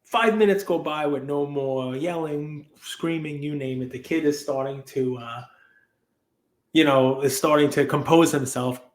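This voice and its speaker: A man's voice: fairly high pitch, measured pace, reverberant. A man hosting a podcast, telling a story casually and acting out the people in it. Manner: animated, acts out quoted people. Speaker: podcast host.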